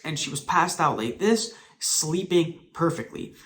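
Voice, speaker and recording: A man's voice: on the high side, animated, unhurried, fairly bright tone. Earnest young-sounding man vlogging. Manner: earnest, talks straight to viewers; emphatic, swearing at times. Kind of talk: personal testimonial vlog.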